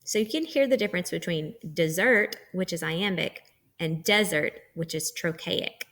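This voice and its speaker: A woman's voice: fairly low pitch, animated, moderate pace, a little hiss or hum. A woman teacher giving a recorded lecture, explaining terms patiently step by step.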